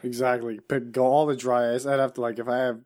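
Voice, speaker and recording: A man answers a game master's scenario, thinking aloud with many fillers. His voice sits at a middle pitch. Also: flat delivery, quick pace, darkish tone. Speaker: player.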